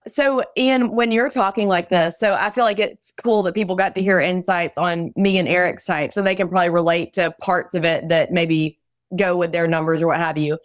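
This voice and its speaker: Female podcast host, lower voice, friendly conversational asker, dry close mic. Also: fairly even intonation, normal speed, no room sound. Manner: friendly, brief affirmations, laughs along. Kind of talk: conversational interview.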